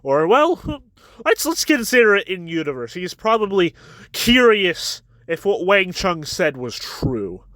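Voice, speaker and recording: A man talks through a manga chapter in a loose, rambling recap, stopping often to restart his thoughts. His voice sits high and bright, and it is recorded dry and close with no room sound. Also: sing-song, no room sound. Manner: rambling, retells scenes with quick quoted voices. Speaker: manga reviewer. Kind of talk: casual chapter recap and commentary.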